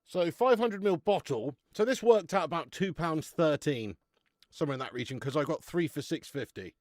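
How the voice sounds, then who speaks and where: A chatty young man on a live stream, his voice rising and falling a lot as he banters with viewers. His voice sits a little high for a man, and the sound is dry and close, with no room echo. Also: lively intonation, normal speed, darkish tone. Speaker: live-stream beer reviewer. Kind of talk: casual live-stream chat.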